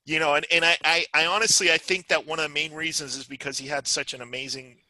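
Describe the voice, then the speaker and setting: A man's voice: fairly high pitch, fairly even intonation, fast, sharp tone, poor audio. A man co-hosting a casual podcast, chatty and laughing often between his points. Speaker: podcast co-host. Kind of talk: casual chat.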